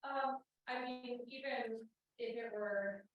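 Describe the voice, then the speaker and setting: A woman's voice: fairly high pitch, fairly even intonation, takes it slowly, muffled recording. A woman at a workshop hesitantly asking a question, with many ums and likes. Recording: echoey room, voice from far off.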